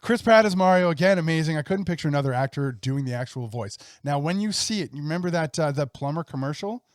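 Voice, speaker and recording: A man in his thirties co-hosts a podcast in a casual chat, his fairly high voice quick and lively in intonation. He's enthusiastic and rambles, restarting sentences and laughing. The studio recording is clean with no room sound.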